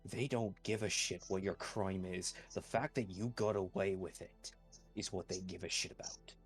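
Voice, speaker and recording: A man playing a tabletop role-playing game, arguing in character in a blunt, profane and forceful way. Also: deep voice, fairly even intonation, normal speed, husky, soft background music.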